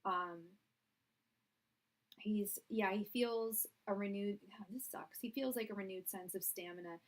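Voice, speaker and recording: A woman's voice: medium pitch, unhurried. Chatty young woman reading tarot live. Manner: chatty, blunt, talks straight to viewers. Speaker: tarot reader.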